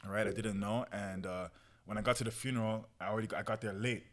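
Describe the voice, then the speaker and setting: Fast-talking low-voiced young man. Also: steady tone. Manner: slangy, peppered with "bro" and "yo"; relives moments through quoted self-talk. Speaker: podcast guest. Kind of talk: casual storytelling.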